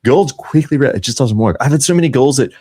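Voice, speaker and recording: A man's voice: medium pitch, animated, fast talker, dark tone, no echo, clean studio sound. A man co-hosting a casual podcast, laid-back and swearing casually. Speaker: podcast co-host, coach.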